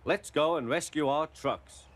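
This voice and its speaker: A man's voice: on the high side, unhurried, noisy background, voice pushed up, lightly acted. A man voicing cheerful, amused railway drivers in a storybook reading. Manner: amused, easygoing.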